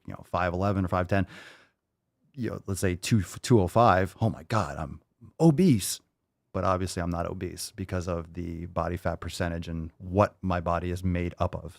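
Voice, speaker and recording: Male podcast host, blunt and joking, lower voice, dry close sound. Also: vocal fry, no room sound. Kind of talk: live Q&A chat.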